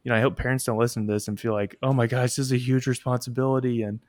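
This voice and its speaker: A man's voice: mid-range voice, flat delivery, rapid-fire, a little mellow, dry recording, clean studio sound. A man co-hosting a podcast, speaking in an earnest, thoughtful way. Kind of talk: casual conversation.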